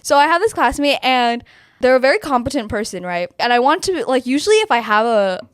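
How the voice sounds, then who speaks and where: A young woman co-hosting a podcast, telling a story in a casual, animated way with frequent giggles. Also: high voice, a little fast, clean tone, no echo, studio quality. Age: young adult. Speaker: podcast co-host. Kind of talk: casual chat.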